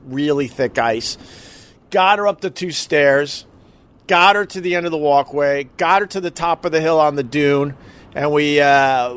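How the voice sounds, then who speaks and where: A husband recounts an emergency in a fairly high, fairly bright voice. He tells the personal story casually and emotionally, swearing and acting out what other people said.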